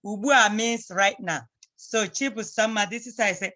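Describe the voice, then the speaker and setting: A woman's voice: mid-range voice, normal speed, bright, forceful tone. A woman teaching a language class over a video call, patiently repeating phrases for her students to copy. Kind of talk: online class instruction.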